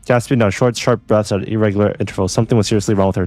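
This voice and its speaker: A man reading a visual novel story aloud as its narrator, plain and rapid, over faint music. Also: lowish voice, steady tone, a little mellow.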